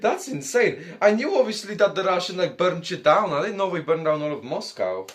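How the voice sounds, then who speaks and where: A man's voice: high-pitched, very animated, a little fast. A young man doing a crude, joking reaction commentary, calling everyone comrades in a mock Russian persona. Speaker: reaction streamer.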